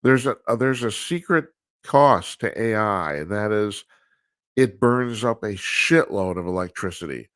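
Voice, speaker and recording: A man's voice: lowish voice, lively intonation, measured pace, a bit bright, no room sound, clean studio sound. A man hosting a live talk show, giving casual political commentary in a blunt, rambling, profane way with frequent restarts. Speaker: radio talk show host. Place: studio, live broadcast with video calls.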